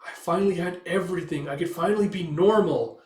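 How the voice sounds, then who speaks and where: A man's voice: sits high, brisk, a little mellow, echoey room, far from the mic, voice pushed up, close to an everyday voice. A man reading a comic aloud, voicing an anguished female witch hero who pleads and strains her voice. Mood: pleading.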